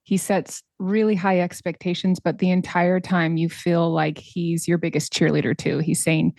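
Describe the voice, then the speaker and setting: A woman's voice: lowish voice, moderate pace, gravelly, few pauses, no room sound, studio quality. A woman being interviewed about playing a role in a community musical, telling stories with a lot of laughter. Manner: animated, laughing storyteller. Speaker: actor in community musical, guest. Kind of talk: casual radio interview.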